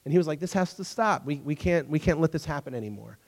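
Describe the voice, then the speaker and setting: Casual preacher in a reverberant hall. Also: male voice, a little high, animated, fast. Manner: conversational, acts out characters in the story. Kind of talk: casual sermon with storytelling.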